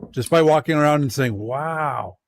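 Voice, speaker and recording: A man hosting an interview, reacting to the guest with short, laughing responses in a relaxed chat. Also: mid-range voice, slow pace, background noise. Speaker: host.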